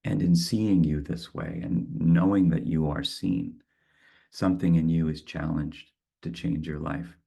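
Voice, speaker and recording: Deep, gravelly man reading poetry. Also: steady tone, dark tone. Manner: slow, thoughtful, with halting repeats. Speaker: poet leading a guided meditation. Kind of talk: reflective talk and poetry reading.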